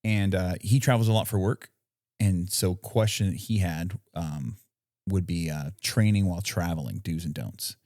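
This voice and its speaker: Deep-voiced laid-back podcast co-host. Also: male voice, normal speed, darkish tone, dry recording, clean studio sound. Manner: laid-back, swears casually. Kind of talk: casual chat.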